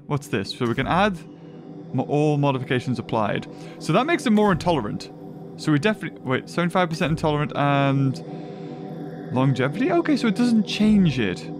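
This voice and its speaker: A young man commentating on his gameplay in a chatty, excitable way. His voice sits a little high and jumps around with lots of lively intonation. He often thinks aloud as he plays. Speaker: gaming video host.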